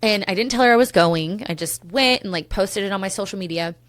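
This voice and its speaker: A woman's voice: medium pitch, brisk, no echo. Candid woman hosting a solo podcast. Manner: candid, emotional, swears casually, goes off on tangents. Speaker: podcast host.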